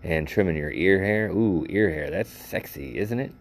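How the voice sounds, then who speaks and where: A man's voice: sits low, moderate pace, slight background noise. A middle-aged man hosting a solo podcast, rambling goofily and laughing at his own jokes, sounding tired and worn out. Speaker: podcast host.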